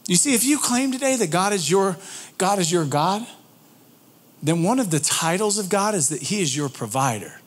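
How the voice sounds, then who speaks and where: A pastor delivers a conversational sermon in a notably high male voice. He is animated, tosses questions to the congregation and often repeats a word as he restarts a thought. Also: normal speed, husky.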